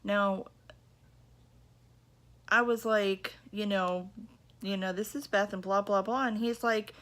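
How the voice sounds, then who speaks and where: A woman's voice: medium pitch, fairly even intonation, slow, fairly bright tone. A woman talks casually to her viewers from home, in an indignant storytelling mood. She keeps tossing in "you know" and "okay?" as she stresses each point. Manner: chatty, checks in with listeners by repeating "okay?" and "you know"; indignant, emphatic retelling. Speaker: vlogger.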